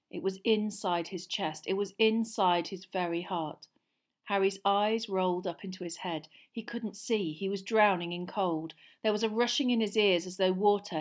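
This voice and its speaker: A woman reads a story aloud as audiobook narration. Her delivery is expressive and dramatic, with a voice of middling pitch for a woman. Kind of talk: scripted narration.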